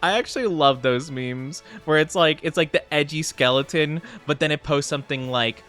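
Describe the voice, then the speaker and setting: A man's voice: fairly high pitch, moderate pace, fairly bright tone, faint music behind. A man chatting casually on a live stream, giggling often and answering his chat.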